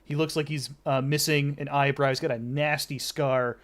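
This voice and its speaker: A man acts as game master for a tabletop game, narrating in a relaxed way full of fillers and restarts. His voice is a little high and his pace is moderate.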